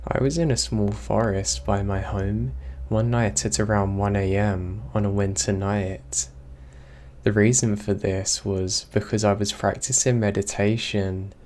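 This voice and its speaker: A young man reading horror stories aloud, in a slow, even storytelling manner. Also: on the low side. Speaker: narrator.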